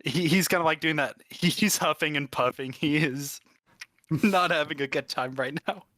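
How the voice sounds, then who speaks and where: A player describing a character's actions, chatty and halting, laughing often. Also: medium pitch, pushed and bright, no echo.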